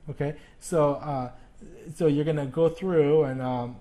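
A male teacher giving a recorded grammar lesson, speaking haltingly with many fillers and restarts. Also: fairly high pitch, fairly even intonation, mellow.

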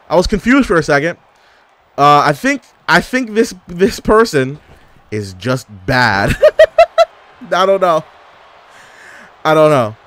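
A young man giving casual, animated gameplay commentary as a gaming YouTuber, trash-talking and exclaiming. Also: a little high, slight background noise. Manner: animated trash talk, frequent laughs and exclamations.

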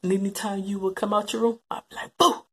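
A woman's voice: medium pitch, level tone, fast talker, breathy edge. A woman giving emotional personal testimony about her brother, reflective and repeating phrases for emphasis. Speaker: interviewee recalling her brother.

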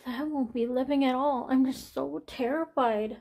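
Halting, anxious woman in her forties. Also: high voice, creaky, a little mellow. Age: 40s. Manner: halting, swearing, sighing, repeats herself. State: anxious, near tears. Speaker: vlogger. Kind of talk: candid personal vlog talk.

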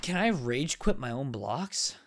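A young man giving excited gaming commentary, yelping and shouting whenever danger hits. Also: medium pitch, unhurried. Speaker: gaming YouTuber.

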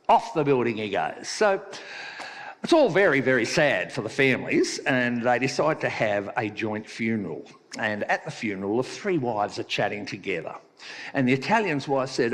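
A husky-voiced man delivers a sermon with lively, rising and falling pitch, easing into conversational storytelling. His voice rings out with the long reverb of a church hall. He sounds like a pastor chatting with his congregation. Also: moderate pace. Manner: conversational storytelling with playful joke-telling.

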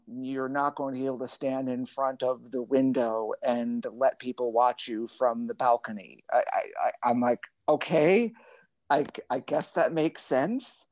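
Man, librettist type, digressive and wry on a video call; mid pitch, dry. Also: no room sound. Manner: thoughtful, digressive, wry and self-deprecating. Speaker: librettist and translator. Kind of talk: casual conversation over a video call.

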